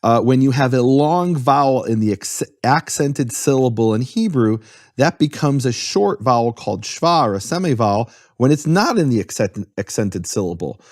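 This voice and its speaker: A man's voice: medium pitch, animated, moderate pace, no echo. A man with a mid-range voice talks through a topic in an earnest, explanatory way, defining each term as he goes. The sound is dry and close, with no room around it. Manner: earnest, explanatory, spells out terms. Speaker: guest explaining Hebrew. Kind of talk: conversational explanation.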